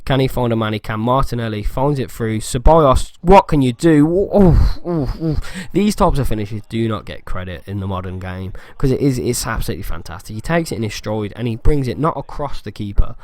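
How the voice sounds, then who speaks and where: A man giving excitable fan commentary over a football video game, close to his mic. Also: mid-range voice, a little fast, few pauses, dry recording. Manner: excitable fan banter, bursts of shouting. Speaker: gaming YouTuber. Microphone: close desk mic.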